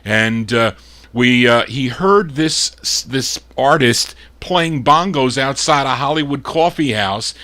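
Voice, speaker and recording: A man hosting a live record show of old singles, talking in a gruff, fed-up way as he introduces each song in detail. His voice is bright and forceful, and his pitch sits in an ordinary middle range for a man. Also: slow. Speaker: radio show host and record DJ. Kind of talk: live oldies show patter.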